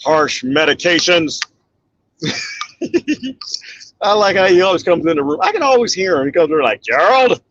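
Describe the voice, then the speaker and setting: Animated laughing middle-aged man. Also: on the high side, normal speed, long pauses, muffled recording. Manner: animated, laughs often, mimics voices in quotes. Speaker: vlogger reading viewer comments. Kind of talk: casual live comment chat.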